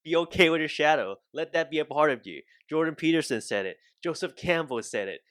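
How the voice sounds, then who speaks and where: A man talking as a podcast guest, blunt and quick to laugh, with some swearing. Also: on the high side, expressive, fairly bright tone, dry recording, studio quality. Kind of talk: casual conversational podcast.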